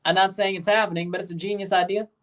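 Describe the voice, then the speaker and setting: A woman hosting a live football watchalong, chatting casually and giving strong opinions, breaking into excited shouts at big moments. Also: mid-range voice, quick pace. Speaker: watchalong host. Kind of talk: live match reaction commentary.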